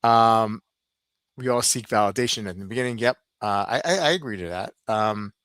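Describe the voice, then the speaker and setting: A low-voiced man from the Northeastern United States hosts a casual podcast, rambling and restarting his sentences as he reads viewer comments. His voice sounds dry and close to the mic. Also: a bit bright, clear, resonant tone, no room sound. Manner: rambling, halting, many restarts. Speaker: podcast host.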